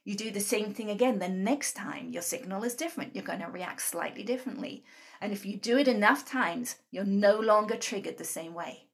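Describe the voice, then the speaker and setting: A woman's voice: mid-range voice, a little fast. A woman guest explaining her ideas in an interview, talking earnestly and often checking in with "right?". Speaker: guest speaker on emotional tapping.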